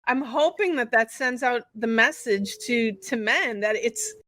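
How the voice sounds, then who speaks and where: A woman co-hosting a podcast in relaxed, earnest casual chat, reflecting on her work as a bodyworker. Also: a little high, a little slow.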